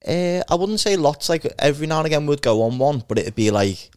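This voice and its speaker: A man's voice: fairly high pitch, lively intonation, a little fast, a little mellow, clear, resonant tone, no room sound, studio quality. A man co-hosting a podcast, telling rambling stories in casual chat, swearing freely and laughing often. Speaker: podcast co-host.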